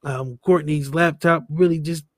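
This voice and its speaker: A man's voice: on the high side, fairly even intonation, moderate pace, dry recording, clean studio sound. A man hosting a casual podcast, joking loosely and swearing freely over a remote call. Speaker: podcast host. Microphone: remote call setup.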